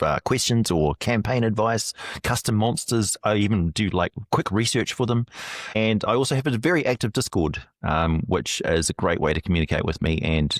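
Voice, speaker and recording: A man's voice: lowish voice, dry recording, studio quality. A man guesting on a podcast as a lore expert, explaining enthusiastically and vividly. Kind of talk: casual interview chat.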